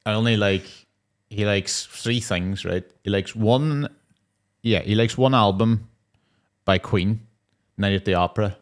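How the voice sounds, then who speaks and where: Young male stand-up, lower pitch, loose jokey podcast banter with frequent laughs. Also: unhurried, long pauses. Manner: jokey, laughs often, acts out quotes. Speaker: podcast co-host and stand-up comic. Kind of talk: casual comedy chat.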